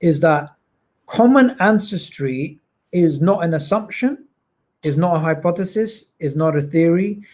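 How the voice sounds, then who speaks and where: A man hosting a livestream Q&A who talks quickly and emphatically, often restarting his sentences. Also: on the high side, lively intonation, a little mellow. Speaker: host.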